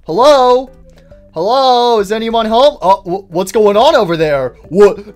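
A man giving excitable, goofy casual commentary as a gaming YouTuber. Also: very high-pitched, normal speed.

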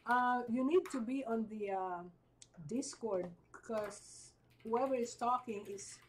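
A woman's voice: on the high side, slow pace, a little hiss or hum, rough recording. A woman streaming a block-building game, chatting casually and laughing often. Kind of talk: casual gaming chat.

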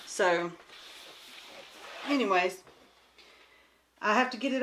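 A woman's voice: medium pitch, measured pace, pauses often, sharp tone, slight background noise. A woman chatting casually and rambling at home as she shows her craft projects, with many restarts and fillers. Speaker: craft vlogger. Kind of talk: casual chat while showing crafts.

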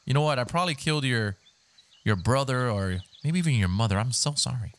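Excitable man narrating his gameplay. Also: mid-range voice, brisk, clean tone. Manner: excitable, swearing, talks to the game. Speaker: gaming YouTuber. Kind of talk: live gameplay commentary. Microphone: gaming headset.

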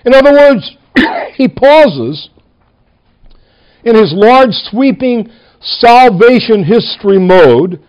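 A man, a pastor, preaching a sermon in a church, stressing single words and slowing down on key lines. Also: very high voice, animated, a little mellow, lo-fi sound.

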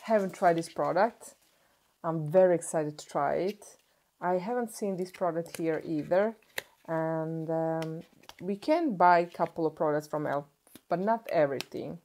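A young woman vlogs in English, unwrapping makeup and gushing over each find with little restarts along the way. Her voice sits a touch low and sounds mellow and warm rather than bright. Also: slight background noise. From Sweden. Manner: gushing, excitable, pauses and restarts as she unwraps. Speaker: beauty vlogger. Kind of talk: casual product unboxing.

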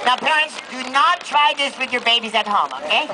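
Working a festival crowd outdoors, this man talks fairly quickly in a very high, sing-song voice. His banter pokes fun at himself with plenty of sarcasm, and the noisy recording carries the crowd and kids around him.

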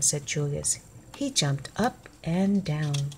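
A woman reads a children's story aloud in a calm, measured way. Her voice sits a little low and she takes her time over each line. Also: creaky, slight background noise. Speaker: storybook reader. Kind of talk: reading a children's book aloud.

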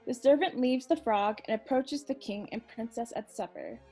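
A woman's voice: on the high side, normal speed, a little mellow, faint music behind. Teen girl reading stage directions. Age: teens.

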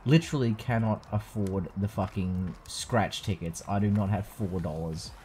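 A young let's play host commentates casually on a video game, joking and swearing freely in an animated, profane way. His voice is lowish at normal speed, with a little hiss or hum in the audio.

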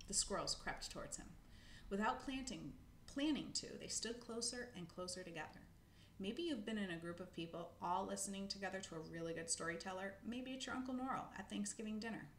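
A woman's voice: mid-range voice, fairly bright tone, reverberant, slight background noise. A woman reading a children's book aloud, casual, with spoken asides and self-corrections. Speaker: narrator.

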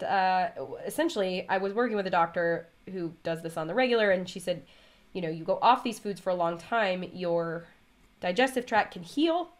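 A woman hosting her stitching vlog, chatting casually and rambling off on tangents while she stitches. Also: fairly low pitch. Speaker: vlog host and cross-stitch designer.

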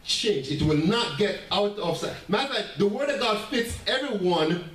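A man preaching a sermon as pastor, animated, with laughing asides and stammering restarts. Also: high-pitched, moderate pace. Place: church sanctuary. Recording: echoey church room heard from a distance.

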